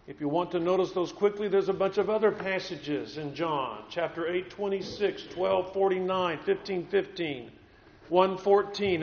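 A man preaching a sermon to a congregation, earnest, repeating words as he builds his points. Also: high-pitched. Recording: echoey room, dull lo-fi sound.

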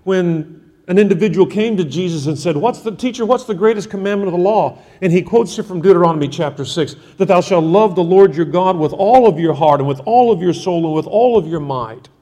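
Male preacher, high mellow voice, insistent repetition, sermon with long hall echo. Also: brisk. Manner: emphatic, repetitive exhortation.

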